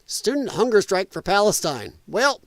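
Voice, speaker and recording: A man's voice: high-pitched, very animated, moderate pace, no room sound. A man with heavy, audible breathing hosts a casual commentary show. He mocks freely and laughs at his own asides. His voice is dry and close to the mic. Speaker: host.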